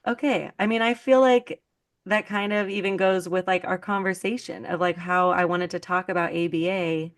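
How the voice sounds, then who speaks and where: A woman's voice: lowish voice, fairly even intonation, normal speed. A woman hosting a podcast in casual chat, talking loosely with many "like" fillers. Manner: chatty, heavy use of "like" fillers. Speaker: podcast host.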